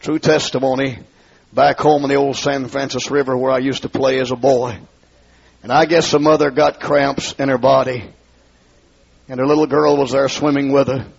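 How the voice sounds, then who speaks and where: A man with a rural Southern accent preaching his testimony in a large hall, dropping low to tell his story and rising to shout. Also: level tone, normal speed, creaky, breathy edge. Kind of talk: fiery revival sermon. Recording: dull lo-fi recording.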